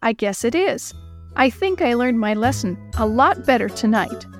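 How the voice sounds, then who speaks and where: A woman's voice: fairly high pitch, expressive, moderate pace, soft background music, close to an everyday voice. A woman voicing a flustered girl babysitting unruly children, earnest and exasperated.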